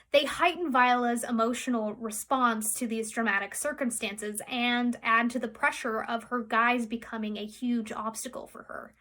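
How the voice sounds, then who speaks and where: A woman's voice: a little high, fairly bright tone. A young woman, a theatre student, giving an academic analysis of a speech in an explanatory way. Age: young adult. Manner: explanatory, with occasional fillers.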